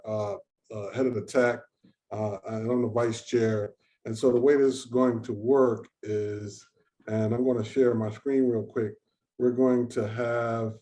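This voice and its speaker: A man's voice: mid-range voice, mellow. A man moderating an online session over a video call, talking in an informal, chatty way. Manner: informal, chatty, thinking aloud. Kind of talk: hosting an online research session.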